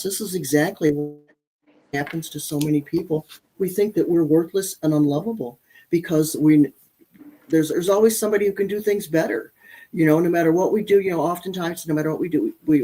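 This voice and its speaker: Husky-voiced woman, earnest and candid. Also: low voice, dark tone, poor audio. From Michigan. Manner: earnest, candid, with frequent restarts. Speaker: guest, parenting author. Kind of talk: interview conversation.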